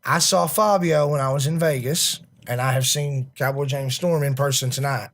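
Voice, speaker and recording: A man co-hosting a casual talk show, chatty and quick to laugh. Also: medium pitch, steady tone, a bit bright. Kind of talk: casual chat.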